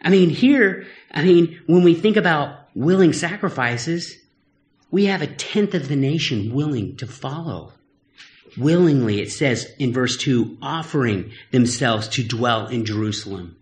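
A man's voice: medium pitch, expressive, unhurried, roomy sound. A middle-aged man, a pastor, preaching a sermon in a candid, conversational way and telling personal stories.

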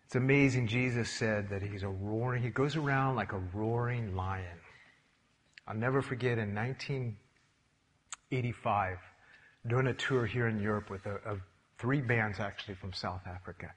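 An older man preaching a sermon, telling stories in a lively way and acting out the characters. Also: on the low side, normal speed. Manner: animated storytelling, acts out voices. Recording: long hall reverb.

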